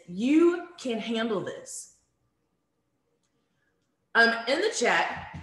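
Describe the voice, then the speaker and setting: A woman running an online staff training from her home, speaking casually and warmly to attendees with many fillers. Her voice sits in the middle of the range. It bounces around an echoey room over a video call. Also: medium pitch. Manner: conversational, friendly, many ums. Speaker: workshop facilitator. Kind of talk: virtual conference training talk.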